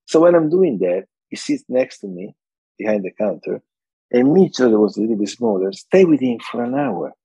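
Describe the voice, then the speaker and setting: An older man with a creaky, husky, medium-pitched voice talks at a moderate pace in a dry recording with the highs cut off. He's a saxophone repairman appearing as a guest in a casual interview chat. He's an animated storyteller who laughs often and acts out quotes.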